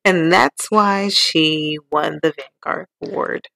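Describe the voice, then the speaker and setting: A woman's voice: sits low, slow, vocal fry, a bit bright. A woman co-hosting a podcast, chatting casually about pop culture in a laid-back, teasing way. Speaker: podcast co-host.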